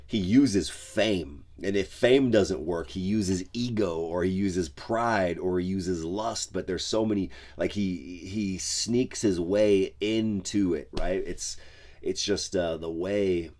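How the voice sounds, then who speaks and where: In a casual devotional podcast, a pastor talks slowly about his faith in a very low, darkish voice. He chats loosely rather than preaching, filling his thoughts with "like" and "you know."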